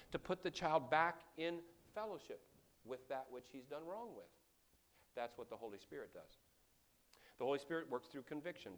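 A man preaching a sermon, swinging from hushed passages to loud outbursts and acting out the quoted characters. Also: a little high.

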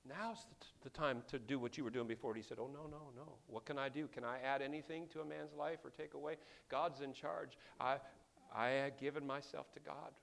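A man preaching a sermon, swinging from hushed passages to loud outbursts and acting out the quoted characters. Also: mid-range voice, steady tone, fairly quick, creaky.

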